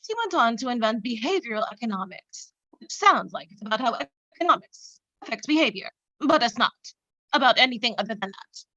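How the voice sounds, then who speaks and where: Woman acting as a self-absorbed radio host, comedic parody, whiny, swooping lively voice, high pitch. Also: brisk, no room sound, dull audio. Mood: self-important. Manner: boastful, whiny, melodramatic. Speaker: comic actor.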